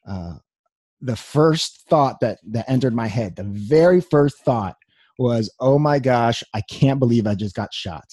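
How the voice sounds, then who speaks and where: Earnest man telling his story, mellow husky voice. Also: mid-range voice, dry recording, clean studio sound. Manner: earnest storytelling with wry humor. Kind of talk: personal testimony talk.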